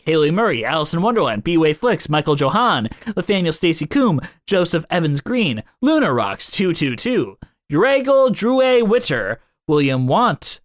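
A woman's voice: low voice, no room sound, clean studio sound. A woman co-hosting a casual podcast, chatty and giggly, rambling with restarts. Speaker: podcast co-host.

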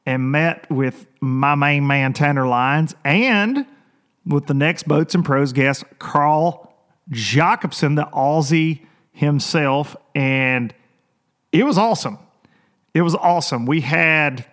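A man hosting a fishing show, talking casually and excitably with lots of restarts and teasing jokes. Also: fairly high pitch. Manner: rambling and excitable, many restarts. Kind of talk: casual vlog opening talk.

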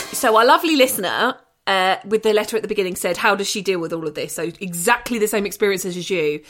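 A woman's voice: mid-range voice, animated, fast talker, hardly any pauses, fairly bright tone. A woman co-hosting a podcast, reading an ad and chatting casually. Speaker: podcast co-host. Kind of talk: casual chat and ad read.

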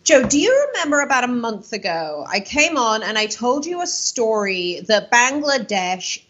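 An earnest woman guest lays out her views in a rambling flow, often restarting her sentences. Her voice sits on the higher side. It comes through a dull, lo-fi remote line. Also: sing-song, normal speed, a bit bright, breathy edge. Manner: earnest, rambling with self-corrections. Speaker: guest commentator. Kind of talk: radio interview, opinionated talk.

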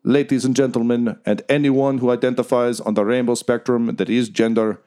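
A man's voice: medium pitch, little pitch movement, a little fast, dark tone, voice pushed up, natural voice. Man doing a pompous arena announcer. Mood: grandiose. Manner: pompous broken-English announcing. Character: showy male arena announcer, foreign-sounding.

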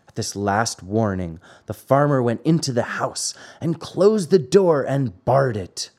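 A man narrating a classic fairy tale as host, measured and expressive. His pitch moves animatedly through the telling. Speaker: host and reader. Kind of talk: storybook narration.

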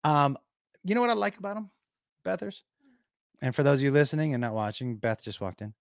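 A man's voice: on the high side, big pitch swings, a little fast, gravelly, dry recording, studio quality. Chatty man hosting a livestream. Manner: rambling, thinking aloud. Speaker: livestream host. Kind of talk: casual chat.

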